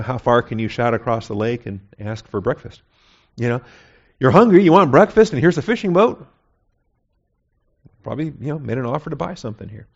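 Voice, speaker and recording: A man pastor teaching through a Bible passage in a conversational sermon style, asking rhetorical questions and checking in with "okay?". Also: medium pitch. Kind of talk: expository sermon. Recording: slightly muffled, dull recording.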